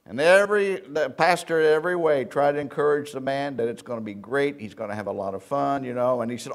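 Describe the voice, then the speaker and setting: A man's voice: mid-range voice, brisk, hardly any pauses. A man preaching a sermon in a church, telling folksy stories with a Southern Indiana accent and calling out questions to the congregation. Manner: folksy storytelling preacher, call and response. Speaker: pastor.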